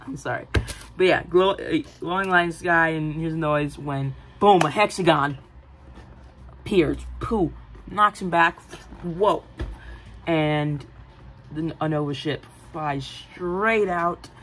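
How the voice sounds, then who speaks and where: A woman casually pitching a film idea, rambling with many fillers and giggly asides. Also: slow, pauses often, slight background noise, rough recording. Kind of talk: casual movie-pitch chat.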